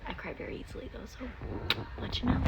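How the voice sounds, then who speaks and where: A woman giving casual book vlog updates, excitable and giggly, sometimes dropping into a whisper. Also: fast, a little hiss or hum, rough recording. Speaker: book vlogger. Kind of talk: casual vlog reading diary.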